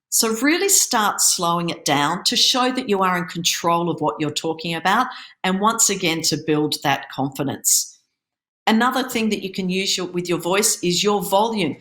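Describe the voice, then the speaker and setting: A woman's voice: fairly low pitch, expressive, normal speed, a bit bright, roomy sound. A woman giving an online presentation as an accelerator program manager, coaching in an instructive tone with occasional stumbles. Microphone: video call.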